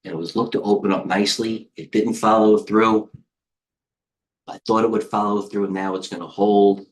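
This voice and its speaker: A man with a slightly low voice and an American accent, talking through the market live as a trading coach. He rambles and jumps between stock symbols, getting excitable and chatty as he goes. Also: a little fast, slight background noise.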